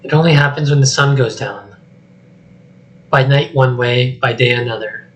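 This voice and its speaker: A man voicing a cursed young princess while reading a script aloud, speaking softly and pleadingly. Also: medium pitch, moderate pace, natural voice, poor audio. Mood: earnest. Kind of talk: solo script reading with voices.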